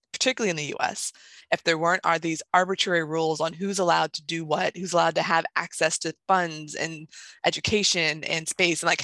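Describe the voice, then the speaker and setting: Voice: medium pitch, sharp tone, dry recording. A podcast host in a casual chat, reflecting aloud with many fillers.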